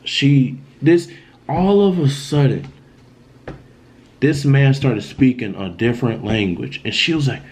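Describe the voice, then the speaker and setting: A young man vlogging, retelling a frightening personal story in an animated, emphatic way with lots of slang. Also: mid-range voice, measured pace. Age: young adult. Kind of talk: storytime vlog.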